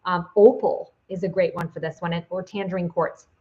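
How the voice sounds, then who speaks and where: A woman's voice: lowish voice, steady tone, a little fast, muffled recording. A woman giving a casual video lesson as a psychic teacher, chatty, with many fillers and restarts.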